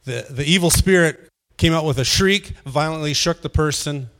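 Guy preaching to a small group, kinda high-ish voice, laid back, chuckles a lot. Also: normal speed, a bit bright. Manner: informal, asks the room questions, chuckles often. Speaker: pastor leading a Bible study. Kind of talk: conversational teaching sermon.

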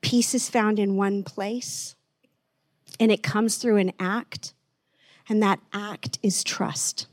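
A woman preaching gently in an online sermon, slowing down to stress words and dropping almost to a whisper. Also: mid-range voice, steady tone, dry recording, clean studio sound. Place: online church service.

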